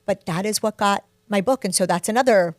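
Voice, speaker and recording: A woman in her forties, a guest author chatting in an interview, candid and self-deprecating, telling stories with lively energy. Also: mid-range voice, brisk, no echo, studio quality. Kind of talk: casual interview chat.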